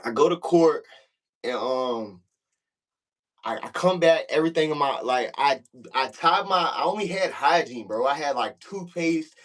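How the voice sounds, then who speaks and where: A man's voice: animated, a little slow, low-quality recording. Loose, profane young man telling stories. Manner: loose, profane, full of "like" and "you know what I'm saying"; gets loud and high when reenacting confrontations. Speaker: podcast guest. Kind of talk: casual storytelling.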